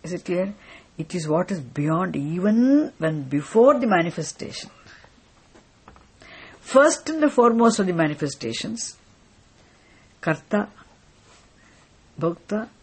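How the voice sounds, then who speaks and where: A teacher giving a philosophy lecture in a deliberate way, often stopping to check that listeners follow. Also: medium pitch, breathy edge. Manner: deliberate, repeatedly checks understanding. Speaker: spiritual teacher.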